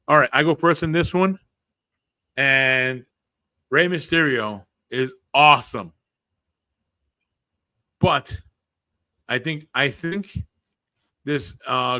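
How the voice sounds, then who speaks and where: A man co-hosts a relaxed wrestling podcast in a bright, mid-pitched voice. He is chatty, often laughs, and moves things along from one matchup to the next. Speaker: podcast co-host. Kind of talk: casual wrestling predictions chat.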